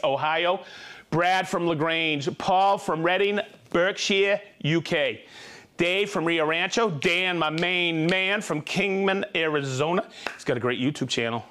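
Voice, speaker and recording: A live tool stream host with a fairly high, somewhat bright voice reads viewers' names and hometowns aloud for shout-outs. He's cheerful and jokey, stumbling whenever a name gets tricky.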